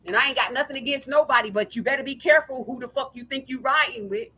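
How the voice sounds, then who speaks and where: High, sharp-voiced woman ranting angrily. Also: fast talker, slightly rough. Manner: angry, profane, keeps repeating "like I said". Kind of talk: ranting monologue to camera.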